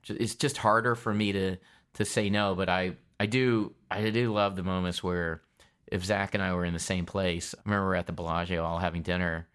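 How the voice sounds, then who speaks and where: A man being interviewed as an actor guest, telling stories in a lively way with frequent laughs and quick restarts. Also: deep voice, clean tone. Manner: animated storytelling, laughs often, quick restarts. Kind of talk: casual interview chat.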